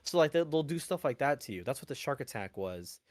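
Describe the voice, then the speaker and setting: A man's voice: medium pitch, big pitch swings, a little fast, a little mellow, no echo. A man, an army veteran, telling service stories in casual podcast chat, rambling and profane, full of "like" and "you know.". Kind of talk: casual conversational storytelling.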